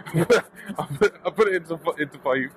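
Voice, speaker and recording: A British man with a light, high-pitched voice tells a story casually while riding along a bike path outdoors. He is animated, swears freely and acts out the other people in his story. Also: brisk, a little hiss or hum, poor audio. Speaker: electric bike vlogger.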